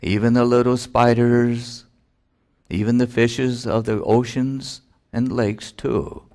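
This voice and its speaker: Slow, gravelly-voiced man giving spiritual talk. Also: mid-range voice, little pitch movement, dark tone. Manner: solemn, deliberate, long pauses. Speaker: spiritual teacher.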